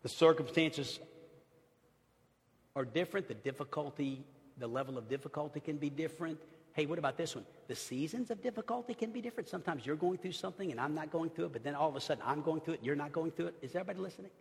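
A man preaching a sermon as pastor, swinging from loud exclamations to hushed, near-whispered lines. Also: a little high, fast talker, creaky, long reverb tail.

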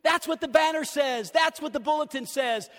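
A pastor preaching with a notably high, ringing voice. He hammers home his points through repetition. The sound carries a long reverb from a large church hall. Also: normal speed, fairly bright tone, faint music behind. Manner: emphatic, repeating key phrases. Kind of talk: sermon. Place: church sanctuary.

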